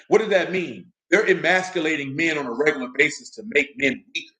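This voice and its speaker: A man's voice: a little high, quick pace, hardly any pauses, pushed and bright, rough recording. Casual, street-talking male preacher. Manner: street-casual, asks "you know what I'm talking about?". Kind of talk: casual sermon with storytelling.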